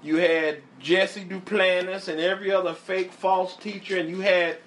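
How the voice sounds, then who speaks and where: A man preaching a sermon, emphatic and repetitive, often pausing to tell his listeners to watch closely. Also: sits high, steady tone, a bit bright, slight background noise.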